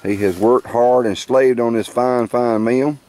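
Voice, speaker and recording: A man's voice: mid-range voice, fairly even intonation, measured pace, mellow. A man, filming a campout and presenting the food to camera in a folksy, joking way. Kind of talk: casual show-and-tell narration to camera. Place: outdoor campsite.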